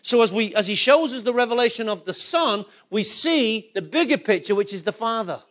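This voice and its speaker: A man's voice: high voice, expressive, fairly quick, a bit bright. A man preaching a sermon as pastor, asking the congregation rhetorical questions and rising to emphatic points.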